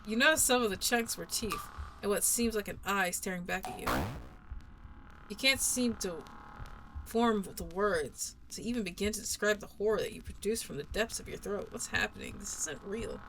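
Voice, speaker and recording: A woman's voice: mid-range voice, normal speed, a bit bright, rough recording. Woman streamer, dramatic game narration, music under it. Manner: dramatic narration with casual asides. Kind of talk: dramatic read-through of a game.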